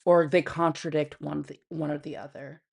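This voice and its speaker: Gravelly, blunt woman streamer. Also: low-pitched, steady tone, normal speed. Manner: blunt and profane, laughing often, talking to viewers and her pet. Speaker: livestream host. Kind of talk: casual livestream chat.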